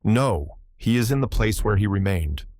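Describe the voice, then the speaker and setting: A man voicing a hoarse, rough-spoken sailor who talks in halting, broken phrases and keeps begging to be understood. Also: on the low side, expressive, darkish tone, dry recording, studio quality, lightly acted. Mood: insistent. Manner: repeats himself, pleads to be understood. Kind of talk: audiobook character voice.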